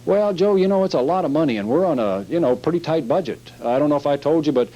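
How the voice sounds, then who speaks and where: A man's voice: fairly high pitch, lively intonation, fast, dark tone, voice pushed up, rough recording. A man playing a hesitant male car buyer on a tight budget, voiced as part of a sales role-play. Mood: worried.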